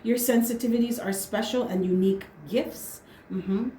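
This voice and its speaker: A woman with a fairly high voice does a casual tarot reading, talking bluntly in slang and swearing without a second thought. She drives each point home with a quick "right?" or "okay?". The sound is roomy, with a noticeable echo off the walls. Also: warm tone, a little hiss or hum. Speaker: tarot reader.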